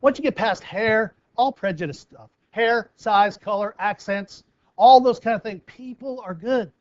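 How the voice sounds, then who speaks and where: A man from the United States, a live performance coach, giving a motivational talk and acting out stories with lively character bits. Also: high-pitched, measured pace, no echo, dull audio. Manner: animated storyteller acting out scenes.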